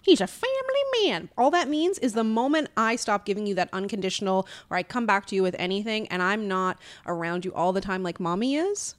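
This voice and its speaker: A woman's voice: mid-range voice, animated, brisk, few pauses. A young woman co-hosting a podcast, chatting casually and telling stories with acted-out quotes. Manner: chatty storyteller, acts out dialogue in quotes. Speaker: podcast co-host.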